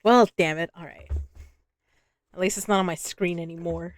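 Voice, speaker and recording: A woman's voice: on the low side, steady tone, normal speed, no echo. Chatty woman reading a novel aloud. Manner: chatty, swears, laughs, talks to her pets. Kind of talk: casual reading and chat.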